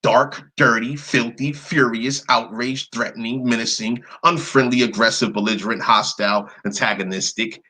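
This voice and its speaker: A man's voice: mid-range voice, steady tone, moderate pace, hardly any pauses, pushed and bright, slight background noise, low-quality recording. A man giving a screen-share commentary, reading long word lists aloud in a blunt manner and cursing now and then. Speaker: presenter.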